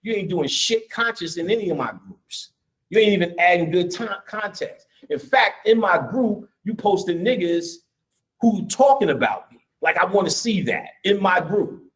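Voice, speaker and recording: A man giving a casual, profane live lecture, blunt and swaggering, breaking into laughs and shouts as he gets worked up. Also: high-pitched, expressive, normal speed.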